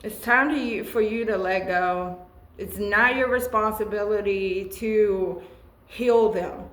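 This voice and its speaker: A woman's voice: mid-range voice, takes it slowly, fairly bright tone, reverberant, poor audio. A woman giving a tarot reading and chatting about her own life, earnest and emotional, often restarting her sentences. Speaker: tarot reader. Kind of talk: tarot reading with personal chat.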